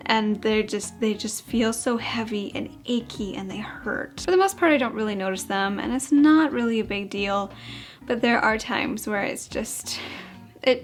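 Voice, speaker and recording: Breathless chatty woman, higher voice. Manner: candid, chatty, with fillers and small laughs. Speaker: vlogger. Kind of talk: casual pregnancy update vlog.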